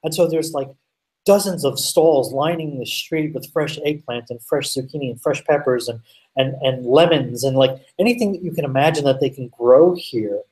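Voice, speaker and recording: A man's voice: medium pitch, normal speed, a little mellow, recorded from a distance, poor audio. A man telling a story as a guest in a rambling, chatty way with lots of fillers, over a remote call. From United States.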